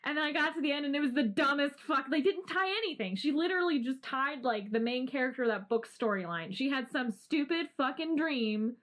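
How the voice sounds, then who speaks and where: A young adult woman co-hosting a podcast in casual chat, animated, laughing often and swearing freely. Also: sits high, fairly quick, few pauses. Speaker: podcast co-host.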